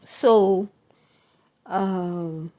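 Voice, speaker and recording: A woman's voice: mid-range voice, extremely slow, warm tone. A woman venting indignantly to camera in a vlog, often asking her listeners whether they understand. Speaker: vlogger.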